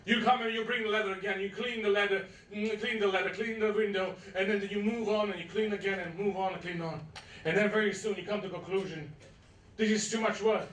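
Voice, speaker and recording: High-voiced man preaching in an echoey church. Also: a bit bright, distant mic. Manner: storytelling with playful asides to the congregation. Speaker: pastor. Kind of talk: sermon. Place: church hall.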